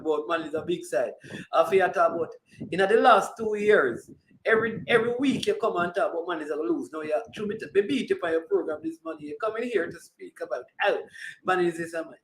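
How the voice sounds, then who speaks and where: High-voiced Jamaican man hosting sports talk. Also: expressive, fast, reverberant, slight background noise, poor audio. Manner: teasing, banter-heavy, slips into patois. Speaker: sports talk show host. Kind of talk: casual sports talk livestream.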